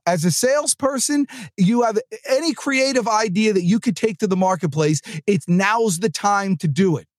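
Lively, punchy motivational podcast man. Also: high voice, no room sound. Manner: energetic, joking, pep-talk delivery. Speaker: sales podcast host.

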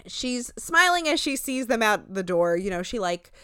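Young woman, casual podcast chat, chatty retelling, smooth clear voice, close dry sound. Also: on the high side, moderate pace, no echo. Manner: chatty, animated retelling, frequent "like", acts out quotes. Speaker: podcast co-host recapping a reality show.

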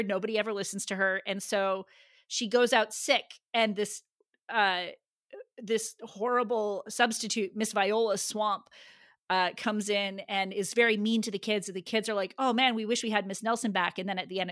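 A woman co-hosting a casual chat show who talks in a chatty, animated way. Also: medium pitch, no echo, studio quality. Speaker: podcast co-host.

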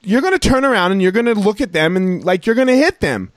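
A man hosting a casual podcast and telling an animated story about his kids. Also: sits high, fast, no room sound. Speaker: podcast host.

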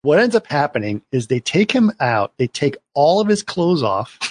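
A man's voice: a little high, sing-song, normal speed, a little mellow. A man hosting a casual watch-party podcast, retelling a show's plot in a rambling way with many restarts. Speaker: podcast host.

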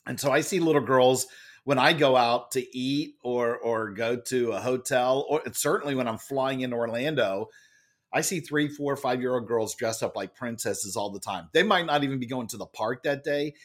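Loud, lively man telling a story. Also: mid-range voice, normal speed. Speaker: guest, author and speaker. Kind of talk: animated storytelling in a podcast interview.

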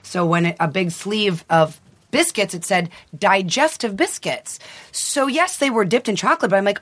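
A woman from Ohio chats as an interview guest, talking at an average pitch for her sex. She rambles through her stories with animated energy. Laughter often breaks into her talk. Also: normal speed. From Ohio, USA. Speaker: actress guest. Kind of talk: casual interview chat.

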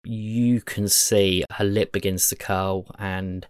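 A man from Britain narrating a tabletop game as game master, measured and descriptive. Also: on the low side, steady tone, smooth, dry recording, studio quality.

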